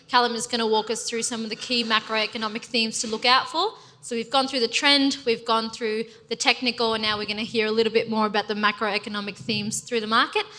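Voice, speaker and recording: A woman's voice: fairly high pitch, pushed and bright. A woman hosting an event and introducing the next speaker, upbeat, with frequent ums. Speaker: event host. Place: conference stage.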